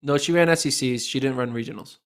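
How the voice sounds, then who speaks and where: A man's voice: medium pitch, fast talker. A man on a casual sports chat panel, coy and teasing about his plans.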